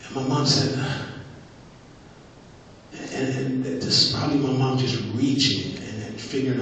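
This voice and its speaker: A man's voice: mid-range voice, measured pace, fairly bright tone, a little hiss or hum. Emphatic male motivational speaker in a hall. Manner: emphatic storyteller, repeats phrases for effect. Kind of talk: live motivational speech, storytelling. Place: stage in a large event hall. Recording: echoey hall from far off.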